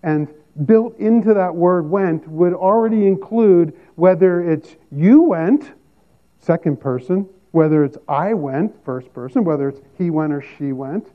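Pastor guy preaching, slightly high voice, thin phone-like audio. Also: expressive, unhurried. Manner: teaching, emphatic, repeats key phrases. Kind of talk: sermon. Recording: tinny phone-like sound.

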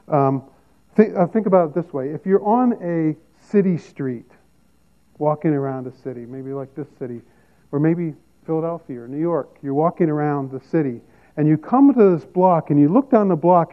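A man preaching a sermon as a pastor, teaching emphatically and repeating key phrases. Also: on the high side. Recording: tinny phone-like sound.

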